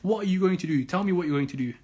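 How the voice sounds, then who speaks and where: A man's voice: sits high, rapid-fire, warm tone, breathy edge. A man giving impassioned religious commentary, firing off sarcastic rhetorical questions. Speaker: Islamic commentator.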